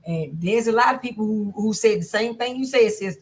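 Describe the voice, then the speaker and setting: A woman's voice: mid-range voice, a little fast. A woman teaching a class on domestic violence, speaking in an earnest, repetitive, conversational way with many fillers.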